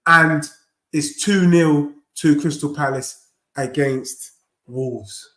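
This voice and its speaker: A young man hosts a live football watchalong, reacting to every moment with slangy banter. His voice sits a touch high, and the recording has a roomy echo. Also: slow, fairly bright tone. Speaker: fan channel host.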